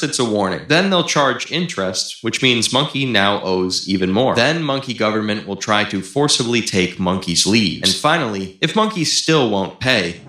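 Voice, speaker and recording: Man, cartoon explainer narrator, playful, clipped broken phrasing, bright voice. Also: medium pitch. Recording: roomy echo.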